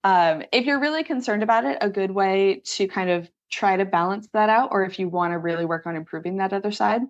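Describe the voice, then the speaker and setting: A woman's voice: mid-range voice, a little fast, lo-fi sound. A woman strength coach explaining exercises step by step in a casual, upbeat interview. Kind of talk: conversational interview.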